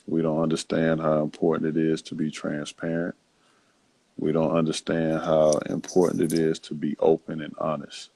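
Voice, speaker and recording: A man hosting, answering in a halting, reflective way with many fillers and restarts. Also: rumbling low, monotone, gravelly, dark tone, slightly rough, dry recording. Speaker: host. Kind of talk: casual reflective talk.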